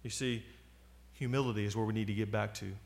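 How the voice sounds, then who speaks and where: A man in his forties preaching a sermon, moving from loud appeals to quiet asides. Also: on the low side, fairly even intonation, quick pace, vocal fry. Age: 40s.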